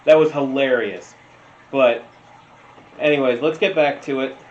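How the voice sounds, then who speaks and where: A man's voice: mid-range voice, fairly even intonation, darkish tone. A man doing casual meme reaction commentary, rambling, telling stories and laughing often. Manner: slow, rambling, laughs a lot. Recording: roomy, dull lo-fi sound with faint noise.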